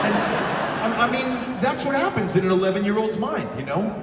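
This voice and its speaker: A man's voice: high voice, lively intonation, moderate pace. Man telling a heartfelt story in a hall. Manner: rambling, self-deprecating, heartfelt. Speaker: panel guest. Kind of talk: onstage storytelling to a live audience. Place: large hall on stage. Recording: echoey hall, distant mic, faint noise.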